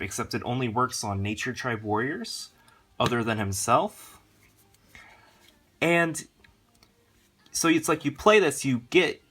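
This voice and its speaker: A man hosts a casual deck walkthrough for his card game channel. He talks in a hurried, rambling way and keeps filling gaps with "uh" and "like". His voice sits at an ordinary, middling pitch. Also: a bit bright. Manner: rushed, rambling, lots of fillers.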